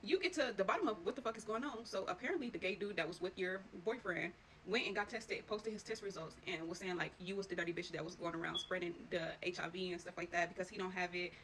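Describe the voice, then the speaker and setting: A woman vlogger retelling a dramatic story in a casual, profane, animated way, addressing the listener as 'you'. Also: lowish voice, fast talker, slight background noise. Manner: profane, animated, tells it in second person.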